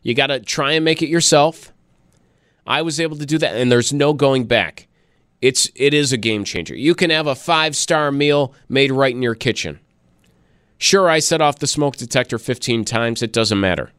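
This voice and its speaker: Talkative male radio host, bouncy delivery, dry close-miked sound, mid-pitched voice. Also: normal speed, a bit bright, smooth, no echo. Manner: chatty, laughing, wide pitch swings. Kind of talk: casual radio talk.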